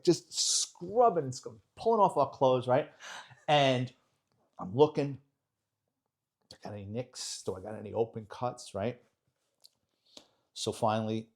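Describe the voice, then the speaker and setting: Blunt New man telling a story. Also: medium pitch. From New York. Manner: animated, blunt, profane storyteller who acts out dialogue. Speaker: retired police detective, guest. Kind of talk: storytelling in a podcast interview.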